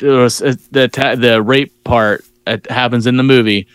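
A man's voice: mid-range voice, fairly even intonation, moderate pace, clear, resonant tone, dry recording. A wry man in casual podcast chat, laughing often as he sums up a strange movie plot in disbelief. His voice sits mid-range, dry and close to the mic. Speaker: podcast co-host.

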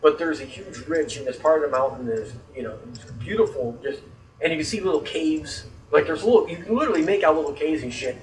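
A man's voice: fairly high pitch, fast, echoey room, distant mic, slight background noise, poor audio. A man telling a story in casual chat, rambling and swearing, getting worked up when annoyed.

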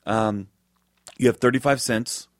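A man's voice: medium pitch, fairly even intonation, unhurried, no room sound. Man posing riddles, dry close sound. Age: adult parent. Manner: sets up riddles and quizzes his partner. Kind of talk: casual chat.

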